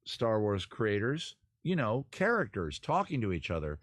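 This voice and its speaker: Low-pitched male streamer, dry close sound, chatty, profane, animated storyteller. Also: no echo. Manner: animated, acts out scenes in quick put-on voices; profane, self-interrupting. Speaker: livestream host. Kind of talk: casual rambling monologue. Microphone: camera mic.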